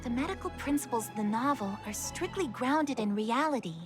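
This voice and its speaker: A woman's voice: fairly high pitch, expressive, a little fast, close to an everyday voice. An actress playing a composed, polite female official in a video game, explaining matters formally. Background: game music.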